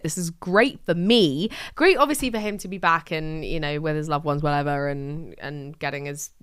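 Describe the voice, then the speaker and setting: A woman's voice: low-pitched, fairly bright tone, dry recording, clean studio sound. An English woman hosting a solo diary podcast, chatting in rambling, sweary, self-mocking rants. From England. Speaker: podcast host.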